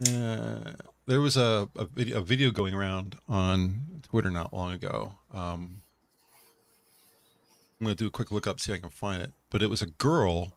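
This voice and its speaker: A man's voice: on the low side, moderate pace, vocal fry, no room sound. A man co-hosting a casual online talk show, telling rambling stories with many restarts. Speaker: podcast co-host. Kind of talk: casual chat.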